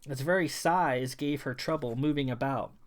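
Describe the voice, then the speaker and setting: A man narrating his own science fiction novel in a measured, even storytelling read. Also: mid-range voice. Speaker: author and narrator. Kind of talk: audiobook narration.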